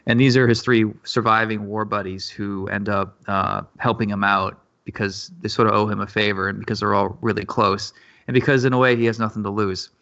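A man in a casual podcast chat, talking about his comic in a relaxed, rambling way with fillers. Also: fairly low pitch, a little fast, vocal fry. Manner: laid-back, rambling with fillers and laughs. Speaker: comic creator guest. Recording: dull lo-fi podcast audio.

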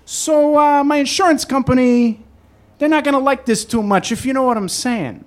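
A man voicing a smooth-talking, wheedling male body shop owner who calls on the phone to cut a shady deal, with chummy fillers. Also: extremely high pitch, normal speed, voice pushed up. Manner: chummy, persuasive, hesitant fillers.

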